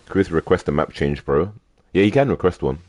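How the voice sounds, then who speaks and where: A man's voice: sits low, big pitch swings, measured pace, darkish tone, no room sound. A man casually commentating a fighting game tournament, teasing players and laughing often.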